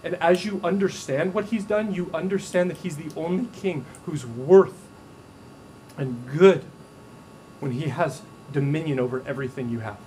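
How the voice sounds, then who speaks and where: A male pastor preaching a sermon to a congregation, animated and playful, acting out the voices in his stories. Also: a little high, moderate pace, slight background noise. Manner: animated, acts out quoted voices with humor. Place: church stage before a congregation.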